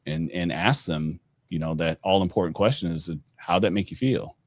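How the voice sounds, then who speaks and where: A man who works as a financial advisor, chatting casually on a podcast and telling stories with lively acted-out quotes. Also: sits low, moderate pace. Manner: lively storyteller who acts out the people he quotes.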